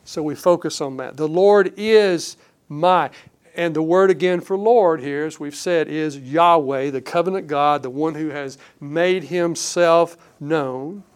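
A male pastor delivers a sermon with earnest, emphatic conviction. His voice is smooth and resonant and sits a little high for a man. He drops to a slower pace to lean on the key words. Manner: earnest, emphatic preaching with slow stressed phrases.

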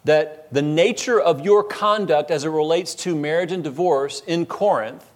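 A man, the pastor, preaching an expository sermon in a conversational, emphatic way, often restarting his phrases. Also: fairly high pitch.

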